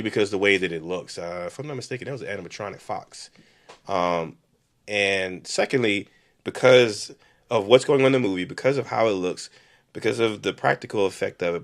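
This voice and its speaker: Nasal-voiced man on a movie podcast. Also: lowish voice. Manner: animated, storytelling, swears casually. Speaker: podcast co-host. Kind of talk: casual chat.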